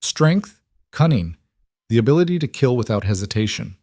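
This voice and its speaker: A man's voice: medium pitch, big pitch swings, normal speed, darkish tone, no echo, clean studio sound. A man voicing a huge, scarred male wolf alpha with a Southern US accent, blunt and menacing.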